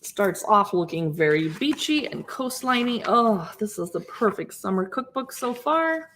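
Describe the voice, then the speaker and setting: A woman's voice: mid-range voice, very animated, measured pace, fairly bright tone, slight background noise. A woman in her fifties hosts a casual livestream, chatting as she pages through a cookbook, reading recipe names aloud and greeting viewers. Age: 50s. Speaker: livestream host.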